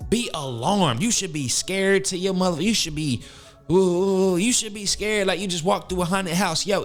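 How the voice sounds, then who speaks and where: Young male podcast host, fairly high voice, preachy motivational rant, light music underneath. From West Virginia. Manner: emphatic, preachy, rhetorical questions. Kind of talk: motivational solo podcast talk.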